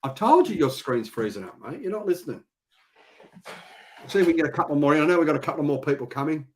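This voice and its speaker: A man's voice: a little high, very animated, fast, slight background noise. An Australian man hosting a casual live-stream chat, teasing and bantering with his guest. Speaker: host.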